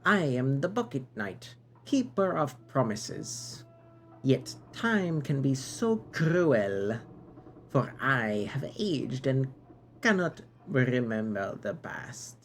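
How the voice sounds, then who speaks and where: A man's voice: medium pitch, drawn-out words, vocal fry, few pauses, dark tone, soft background music. Man putting on a forgetful old Bucket Knight. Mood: solemn. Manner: shifting silly put-on accents, grand and archaic. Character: aged male Bucket Knight, solemn keeper of promises.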